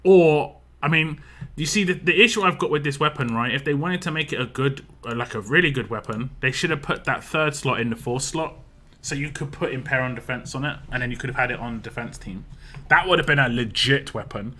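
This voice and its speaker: A man's voice: mid-range voice, a little fast, pushed and bright. A man with a British accent talking casually on a game stream, rambling through chat questions with lots of fillers and restarts. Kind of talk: casual live-stream commentary.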